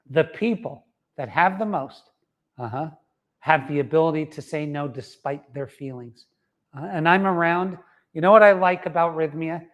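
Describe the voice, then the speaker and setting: Emphatic middle-aged man giving a motivational talk. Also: fairly high pitch. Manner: emphatic, repeats words for stress, frequent uh-huh asides. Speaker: wellness center founder giving a talk.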